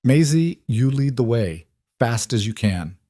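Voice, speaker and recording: A man's voice: medium pitch, expressive, a little slow, dark tone, no room sound, clean studio sound. A man voicing a woman healer on the frontier who speaks firmly and steadily. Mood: urgent.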